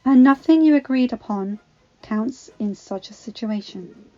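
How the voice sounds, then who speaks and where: A woman voicing a kindly, motherly older housekeeper who speaks softly and chides gently, in a storybook reading. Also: on the high side, a little slow, close to an everyday voice. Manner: soft, chiding, motherly. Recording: slightly dull, faint background music.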